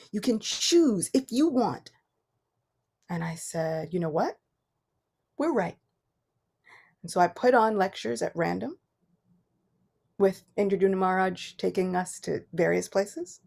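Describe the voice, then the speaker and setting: A woman giving a devotional morning class, telling personal stories with animated swings between soft and loud. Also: lowish voice, vocal fry. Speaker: class speaker.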